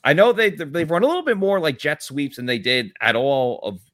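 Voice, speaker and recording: A man co-hosting a live football chat stream, breaking down the team's play in an analytical, excitable way. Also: on the high side, a little fast, dry recording.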